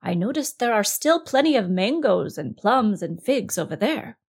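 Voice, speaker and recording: A huge, slow-witted crocodile , put on by a woman reading a storybook, speaks in a coaxing, honeyed tone. He is a scheming male beast who works at sounding friendly. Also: fairly high pitch, sing-song, slightly rough, heavily acted. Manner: sweet-talking, coaxing.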